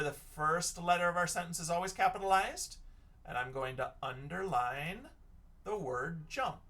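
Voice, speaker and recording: A man's voice: on the high side, pushed and bright. A male teacher giving a recorded reading lesson for children, patiently sounding out words letter by letter.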